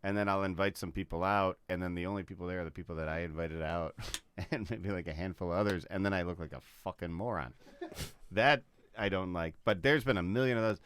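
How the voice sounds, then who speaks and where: A man's voice: low voice, a little fast, fairly bright tone, smooth. A man, a comedian guest, telling a story casually on a podcast, swearing freely, laughing often and acting out other people's lines. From Chicago area.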